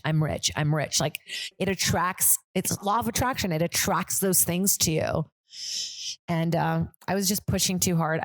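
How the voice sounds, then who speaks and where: Woman comedian hosting her podcast, loose rambling chat with lots of swearing, lower voice, dry close mic. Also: no room sound. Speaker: podcast host. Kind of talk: casual comedic monologue.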